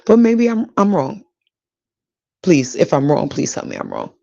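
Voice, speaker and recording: A woman's voice: sits low, huge pitch swings, unhurried, gravelly, mellow, no echo, dull audio. A woman from Brooklyn with a New York accent hosting a casual solo podcast. She talks straight to her listeners and repeats lines for emphasis. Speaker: podcast host.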